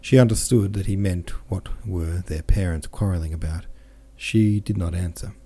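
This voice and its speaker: Dark, husky-voiced male narrator. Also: low-pitched, normal speed. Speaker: audiobook narrator. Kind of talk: scripted narration of a classic novel.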